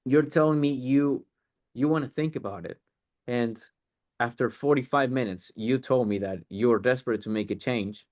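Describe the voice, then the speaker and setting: A man's voice: medium pitch, moderate pace, darkish tone. A man running a group coaching call on sales, talking bluntly and swearing freely. He acts out the lines he would say to a client. His voice sits in a middle range.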